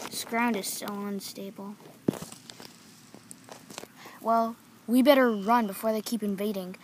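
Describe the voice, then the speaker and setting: A woman voicing every figure in a homemade toy-figure story, excitable and giggly as she jumps between playful character voices. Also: a little high, a little hiss or hum. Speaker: toy video creator voicing all figures.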